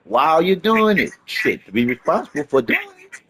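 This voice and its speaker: This man's voice sits a little high, with a sing-song lilt, a fairly bright tone and a breathy edge, at normal speed. He delivers a rambling, emphatic motivational speech in casual street slang, full of repetition and profanity.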